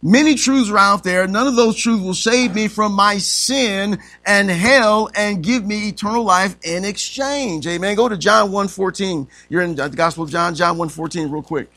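Preaching at a moderate pace with hardly any pauses, this pastor's high voice sounds pushed and bright. He stops so the congregation can supply missing words, stretching out important phrases to stress them.

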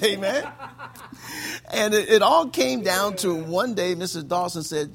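A man preaching as pastor at a church service, his voice pitched high with a gravelly, creaky edge. He talks to the congregation in an easygoing, chatty way, dropping "amen" between points. He chuckles along as he goes. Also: expressive, moderate pace, fairly bright tone. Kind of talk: sermon.

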